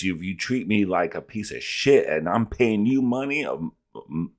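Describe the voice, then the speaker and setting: A man's voice: deep voice, lively intonation, normal speed. A man hosting a reaction video, talking in a blunt, profane, casual way.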